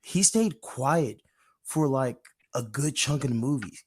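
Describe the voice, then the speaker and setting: A man co-hosting a casual movie review chat, excitable, slangy and profane. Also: mid-range voice, measured pace, husky, no room sound, studio quality. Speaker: podcast co-host.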